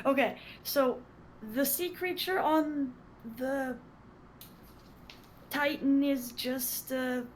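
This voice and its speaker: A woman guest on a podcast, chatting casually in a playful, apologetic way with quick giggles. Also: sits high, steady tone, slight background noise.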